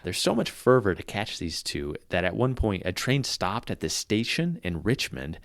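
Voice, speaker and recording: Male podcast host, low-pitched, relishes old newspaper quotes; dry recording. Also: no room sound. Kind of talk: casual storytelling about history.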